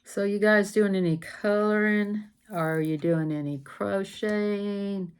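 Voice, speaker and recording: A woman's voice: medium pitch, slow pace, clean tone. A woman, hosting a casual craft livestream, hyper and giggly, chatting while she works on a diamond painting. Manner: giggly, sings silly made-up songs, animal noises.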